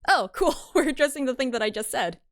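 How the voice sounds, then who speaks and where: A woman's voice: high voice, quick pace, slight background noise. Giggly woman chatting on stream. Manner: giggly, chatty, lively asides. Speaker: streamer voicing a game. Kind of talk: casual stream chat between read lines.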